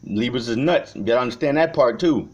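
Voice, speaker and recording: A man from Chicago talking to the camera in an unscripted vlog. He rambles and swears, swinging between shouting and quiet reflection. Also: medium pitch, lively intonation, fairly quick. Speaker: vlogger. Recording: dull lo-fi recording.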